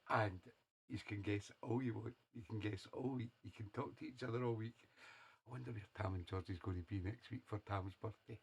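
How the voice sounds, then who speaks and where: A man's voice: on the low side, normal speed, gravelly, husky. A man hosting a radio show, chatting casually between songs in a jokey, teasing way and chuckling often. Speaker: radio DJ host.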